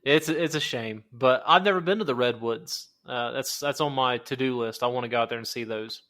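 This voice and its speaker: A man's voice: mid-range voice, fairly quick, a bit bright. A man with a Southern Ohio accent hosting a podcast, chatty and friendly, laughing often. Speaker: podcast host. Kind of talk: casual podcast interview.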